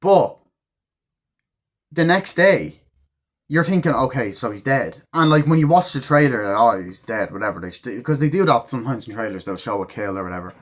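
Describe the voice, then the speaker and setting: A man's voice: mid-range voice, animated, moderate pace. A man giving a casual, rambling movie review at home, full of swearing and fillers. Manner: rambling, profane, filler-heavy retelling.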